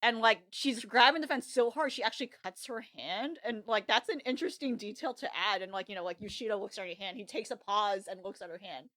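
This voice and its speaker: A woman co-hosting a podcast, chatting casually about an anime with lots of fillers and restarts, rambling and animated. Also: medium pitch, fairly quick, few pauses, no echo. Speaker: podcast co-host.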